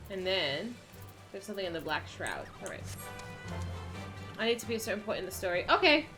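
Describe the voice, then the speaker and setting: A woman's voice: mid-range voice, sing-song, fairly quick. A woman streaming a game, chatty and amused, thinking aloud as she plays. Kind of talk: casual game-stream commentary. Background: game music.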